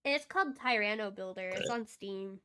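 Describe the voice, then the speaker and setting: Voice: mid-range voice, moderate pace, pushed and bright, clean tone. A VTuber chatting casually on a game stream, playful and giggly, laughing often between remarks.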